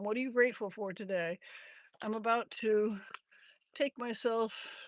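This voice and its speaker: A woman's voice: on the high side, a bit bright, no echo. A woman chatting on a live stream outdoors in a sunny yard, greeting viewers by name, on a handheld phone. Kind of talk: casual live-stream chat.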